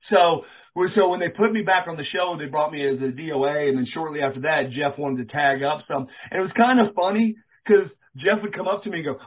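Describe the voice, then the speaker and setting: A man's voice: on the high side, fairly quick, husky. A man telling wrestling stories in a casual interview, acting out the voices of the people he quotes and swearing casually. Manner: animated storyteller, acts out quoted dialogue, swears casually. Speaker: interview guest, former pro wrestler. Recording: tinny phone-like line.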